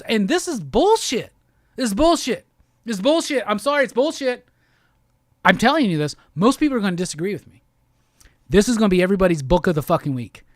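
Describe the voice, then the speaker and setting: A man's voice: high voice, very animated, fairly quick, no echo, studio quality. A man hosting a comic book show, giving a heated, profane review in a rant-style talk. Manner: heated, profane, repetitive ranting.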